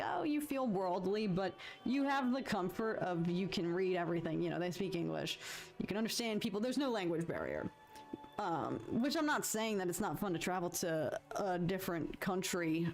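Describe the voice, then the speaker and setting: A young woman with a light Detroit accent rambles through stories on a casual live stream, giggling often as she draws. Her pitch sits in the middle, and soft music plays quietly behind her. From United States. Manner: chatty, giggly, rambling storyteller. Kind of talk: casual chat while drawing.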